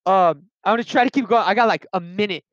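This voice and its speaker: A young man talks in a high, smooth voice, rambling through his own stories and often breaking off mid-thought. The sound is dry and a little dull, like a cheap recording. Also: fast, no room sound. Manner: rambling, self-interrupting, slangy. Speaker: vlogger telling personal stories. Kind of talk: rambling casual monologue.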